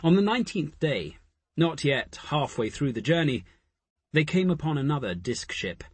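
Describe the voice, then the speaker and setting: A man reading a science fiction audiobook as narrator, in a measured, deliberate way. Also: on the high side, sing-song, slightly rough, no room sound. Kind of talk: scripted narration.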